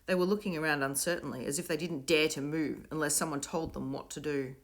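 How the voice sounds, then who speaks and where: A woman narrating a children's storybook in an expressive, varied way. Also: deep voice, quick pace. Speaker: audiobook reader.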